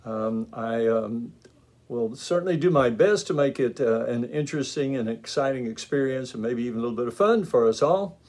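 A man's voice: medium pitch, lively intonation, normal speed, darkish tone. A man in his fifties with a West Texas drawl, lecturing as an art instructor in a chatty, folksy way full of ums and uhs. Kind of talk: recorded online lecture.

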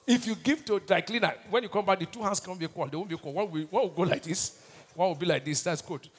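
A Nigerian pastor preaching a sermon, asking the congregation to finish his lines and swinging between shouted bursts and quiet asides. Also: high-pitched, quick pace, breathy edge. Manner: call-and-response preaching, asks the crowd to finish his lines.

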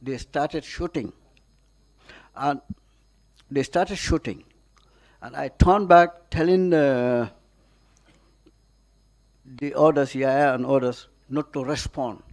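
Slow, halting Gambian man testifying. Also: mid-range voice, a little mellow. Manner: halting, with many restarts and pauses. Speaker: witness testifying at a hearing. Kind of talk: formal testimony under questioning. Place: hearing room.

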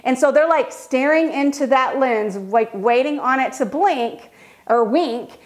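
A woman photographer giving a casual tutorial, chatty and lively as she acts out how kids react. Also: high voice, a little slow. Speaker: children's portrait photographer.

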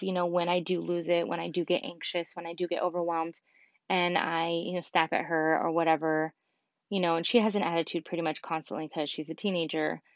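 A woman's voice: on the low side, no echo. A woman in her thirties hosting a casual solo podcast, talking candidly with lots of fillers. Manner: candid, chatty, many fillers. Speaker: podcast host. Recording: dull lo-fi podcast mic.

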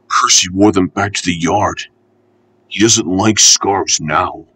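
A man reading a children's storybook aloud, gentle, unhurried and expressive. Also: deep voice, husky, low-quality recording.

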